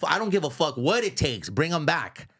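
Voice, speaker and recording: A man's voice: fairly high pitch, big pitch swings, brisk, a bit bright, breathy edge, exaggerated voice. A man doing a cursing, angry boxing promoter. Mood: indignant. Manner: indignant, cursing.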